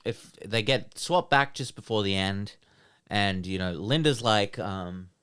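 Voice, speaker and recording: An Australian man co-hosting a podcast, talking through an episode recap in an easygoing, casual way. He pauses now and then with soft fillers as he retells the scenes. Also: on the low side, clean tone. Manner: relaxed storytelling recap with frequent "um" pauses. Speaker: podcast co-host.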